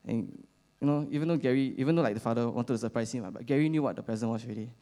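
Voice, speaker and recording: Young Singaporean man, mid-pitched, casual rambling church talk full of fillers. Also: warm tone. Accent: Singaporean English. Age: young adult. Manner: halting, many fillers, chatty with slang particles. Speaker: youth speaker at church. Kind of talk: casual storytelling sermon.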